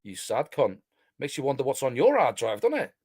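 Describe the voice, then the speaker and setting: A man's voice: medium pitch, huge pitch swings, brisk, a little mellow, breathy edge, no echo, studio quality. A man on a live stream panel, mocking and taunting the host. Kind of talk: heated live stream argument.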